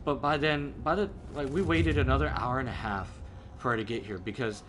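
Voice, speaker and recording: A man telling a story in casual chat with friends, animated and swearing, often laughing and acting out people's voices. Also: mid-range voice, fairly quick. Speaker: streamer. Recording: faint background noise.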